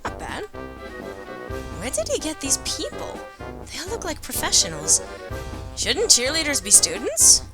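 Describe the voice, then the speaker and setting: A woman reading a dating-sim game aloud as a let's player, adding wry, deadpan asides. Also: high-pitched, a little slow, long pauses. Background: game music.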